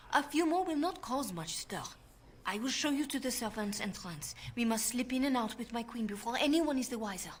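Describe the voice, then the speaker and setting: A woman's voice: a little high, a bit bright, husky. A woman voicing an anxious young handmaiden to a queen, speaking with a heavy French accent in an earnest, pleading way.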